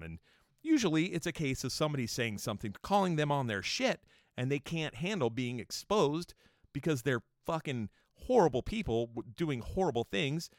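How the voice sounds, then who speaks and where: Foul-mouthed male podcast host, heated mocking rant, animated delivery, dry booth. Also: fairly high pitch, moderate pace, no room sound. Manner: angry, swearing, mocking whiny voices. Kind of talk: profane casual podcast rant.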